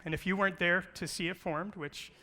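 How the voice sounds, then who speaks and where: Bright-voiced man preaching in a hall. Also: high-pitched, fairly even intonation, fairly quick. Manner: playful, storytelling with jokes and rhetorical questions. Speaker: guest speaker on creation. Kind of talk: church presentation with slides. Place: large church hall. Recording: long hall reverb.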